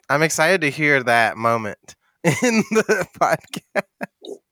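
A comedy podcast co-host who chats loosely and giggles often. The pitch moves animatedly. The recording is dry, with no room sound. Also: very animated, slow, pushed and bright, dry recording. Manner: giggly, frequent laughter, easygoing. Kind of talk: casual comedy podcast chat.

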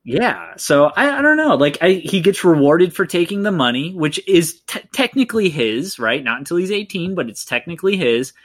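A man's voice: fairly high pitch, very animated, moderate pace, few pauses. A man co-hosting a podcast, casually talking through a film with many fillers. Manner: rambling, heavy with fillers like "like" and "you know". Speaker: podcast co-host.

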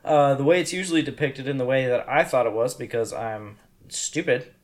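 A man's voice: medium pitch, brisk. A young man co-hosting a podcast, easygoing in casual chat with sarcastic asides. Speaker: podcast co-host.

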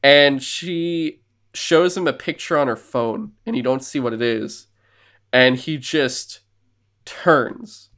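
A man co-hosting a casual podcast, excitedly rambling through a recap with swearing and lots of fillers. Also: mid-range voice, takes it slowly. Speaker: podcast co-host.

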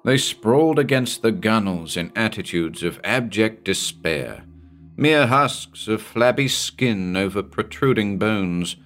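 A man reads a pulp horror tale in a measured, dramatic storytelling manner. His voice sits on the low side. Faint music plays quietly beneath the narration.

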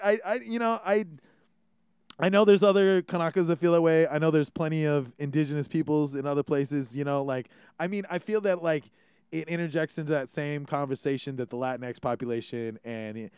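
A man from Hawaii, hosting a casual podcast chat in an animated, swearing way. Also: a little high, a little fast, clear, resonant tone, no room sound, clean studio sound. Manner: animated, swearing, many restarts. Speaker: podcast host.

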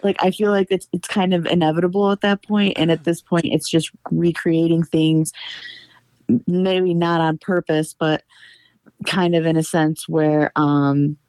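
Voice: mid-range voice, flat delivery, measured pace, darkish tone, dry recording. A podcast guest talking casually and hesitantly, with many fillers. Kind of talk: casual chat.

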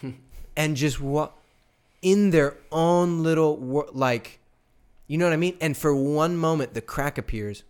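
A young man co-hosting a casual faith talk, animated as he tells stories and acts out quoted exchanges. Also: a little high, unhurried, clean tone. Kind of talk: casual chat. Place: live stream studio.

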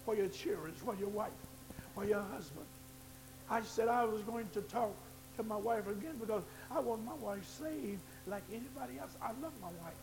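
A man preaching a sermon in church, swinging between low asides and shouted, fervent climaxes. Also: normal speed, noisy background.

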